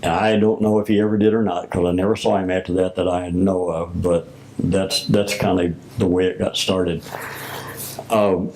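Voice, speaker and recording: An older man from the United States recalls past events in a slow, storytelling way, acting out the exchanges he quotes. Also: fairly low pitch, darkish tone, slight background noise, low-quality recording. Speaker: former Masonic grand master. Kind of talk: oral history recollection.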